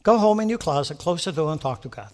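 Male pastor with a high voice, preaches an animated sermon, keeps asking the congregation questions. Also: fast talker. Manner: animated preaching with rhetorical questions and acted-out prayers.

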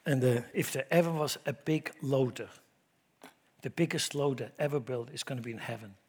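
With a breathy edge and moderate pace, a pastor delivers a sermon in church, shifting between forceful, loud declarations and hushed asides, repeating words and questioning the congregation.

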